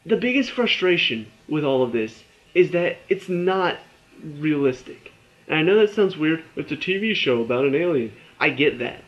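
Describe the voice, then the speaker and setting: A man's voice: on the high side, big pitch swings, normal speed, highs cut off. A young man giving a casual spoken TV review, ranting in exasperation and stumbling over his words. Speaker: TV review vlogger.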